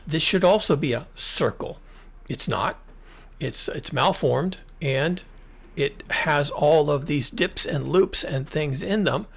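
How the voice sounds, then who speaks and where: A man's voice: fairly high pitch, slow pace, vocal fry, slightly rough. A middle-aged man from the United States hosting his own commentary, talking emphatically and repeating himself with frequent restarts. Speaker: climate commentary channel host. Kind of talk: solo screen-share commentary.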